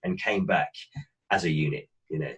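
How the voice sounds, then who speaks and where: A man with a fairly low voice reminisces in a reflective way. He often stalls and repeats himself while he searches for the right words. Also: moderate pace, a bit bright, dull audio. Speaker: cast member.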